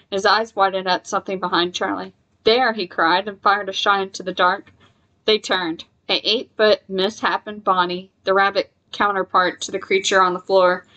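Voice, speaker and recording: A woman reading a novel aloud in steady narration, with small slips she corrects as she goes. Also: mid-range voice, rough recording. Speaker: reader.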